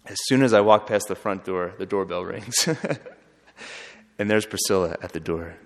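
A man who is a friar, telling a story in an earnest, halting way with frequent restarts. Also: low voice, fairly even intonation, vocal fry. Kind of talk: storytelling talk. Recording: long hall reverb.

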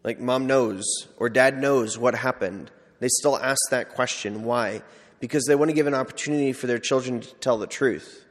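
Conversational preacher in an echoing hall. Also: male voice, mid-range voice, moderate pace. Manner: conversational, acts out little scenes. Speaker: Catholic preacher or teacher. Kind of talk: informal sermon with storytelling. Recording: long hall reverb.

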